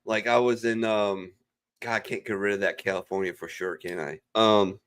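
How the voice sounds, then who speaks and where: A middle-aged man telling stories in casual chat, rambling and swearing freely, at times putting on quick voices for the people he quotes. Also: lowish voice, steady tone, a bit bright. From Ohio region. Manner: profane, rambling storyteller. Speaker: podcast regular.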